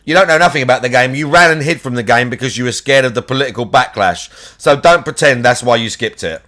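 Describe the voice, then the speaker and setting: A man's voice: mid-range voice, quick pace, pushed and bright. Sweary man streaming. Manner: crude, sweary banter, teasing his cat. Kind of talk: casual live-stream chat.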